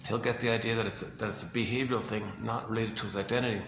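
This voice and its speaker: A man giving a casual, halting explanation on psychology, often searching for words and repeating himself. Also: lowish voice, fairly even intonation, fairly bright tone, slight background noise. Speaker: speaker on psychology. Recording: echoey room with faint ambience.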